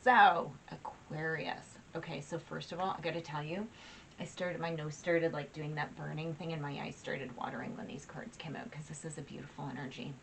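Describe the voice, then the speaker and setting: A woman's voice: low voice, gravelly, a little hiss or hum, rough recording. Teary woman giving a chatty tarot reading. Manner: chatty and warm-hearted, many fillers and restarts. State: teary, emotional. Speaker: tarot reader. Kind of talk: casual tarot reading to camera.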